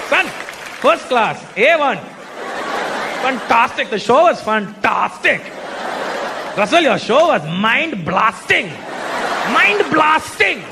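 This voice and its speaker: A comedian doing a gushing male Indian fan with a put-on accent, his voice leaping high and repeating the same praise again and again. The act rides over a loud, laughing crowd. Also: gravelly, noisy background, heavily acted. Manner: emphatic, repetitive, gushing.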